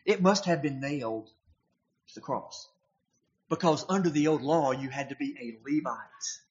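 Man, preacher, sermon, emphatic, rhetorical questions, slightly high voice, dull lo-fi sound. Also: unhurried.

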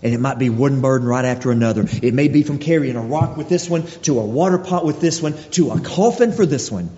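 Preacher in a dull reverberant hall. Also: male voice, mid-range voice, quick pace, warm tone. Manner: earnest, repeats phrases, stumbles and restarts. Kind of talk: sermon.

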